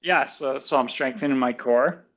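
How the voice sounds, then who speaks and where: Halting male guest on a dull line. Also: medium pitch, fairly bright tone. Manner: halting, with many fillers and restarts. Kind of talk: casual chat.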